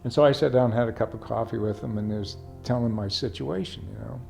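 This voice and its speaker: An older man, a painter, telling long rambling stories in a documentary interview, full of "you know" asides and quick to get emotional. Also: mid-range voice, gravelly, a little mellow, faint music behind. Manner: gets emotional.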